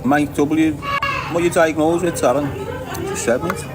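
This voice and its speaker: A man's voice: a little high, steady tone, unhurried. A man with a Liverpool accent hosting a livestream, chatting casually and bluntly with viewers, swearing often and laughing a lot. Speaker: livestream host. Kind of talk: casual livestream chat reading viewer comments.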